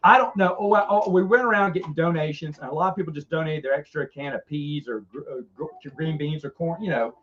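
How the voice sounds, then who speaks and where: A man's voice: on the high side, fast, hardly any pauses, fairly bright tone. A man co-hosting a podcast in casual chat, stammering and restarting, laughing often and slipping into playful put-on voices. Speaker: podcast co-host. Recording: slightly dull lo-fi sound.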